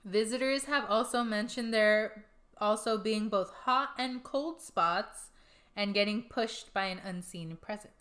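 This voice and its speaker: A woman's voice: medium pitch, a little slow, fairly bright tone. A woman co-hosting a podcast, casually reading out ghost stories from her notes with giggly asides. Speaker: podcast co-host.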